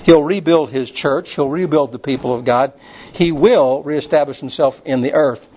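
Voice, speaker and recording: A man's voice: fairly high pitch, normal speed, dark tone, slightly rough. Man, preacher, rambling casual sermon, muffled lo-fi sound. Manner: folksy and rambling, with many fillers. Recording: muffled lo-fi recording.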